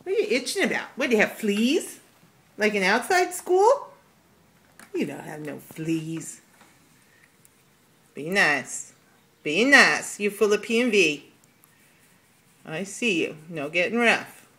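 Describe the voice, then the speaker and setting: A woman's voice: medium pitch, very animated, unhurried, a bit bright. A woman filming her pet squirrel, talking to it in playful scolding baby talk. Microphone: handheld camera.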